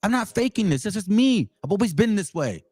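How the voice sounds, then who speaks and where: A man's voice: sits high, very animated, a little fast, a little mellow. A man hosting a Bible channel, talking bluntly and with fire. He mixes casual commentary with scripture read aloud. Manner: blunt and direct; fiery, emphatic.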